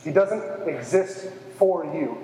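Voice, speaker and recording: A high-voiced man delivering a sermon with earnest emphasis, returning to his key phrases again and again. His voice carries a long reverb, and the room around him sounds big and echoing. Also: lively intonation, takes it slowly, mellow, a little hiss or hum. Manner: earnest, emphatic repetition, self-deprecating asides. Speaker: preacher. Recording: reverberant hall.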